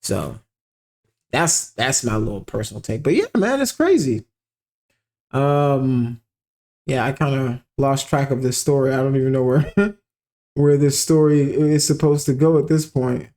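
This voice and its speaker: A man's voice: mid-range voice, measured pace. Rambling man hosting a reaction commentary. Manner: rambling, filler-heavy, animated outbursts. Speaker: commentary show host.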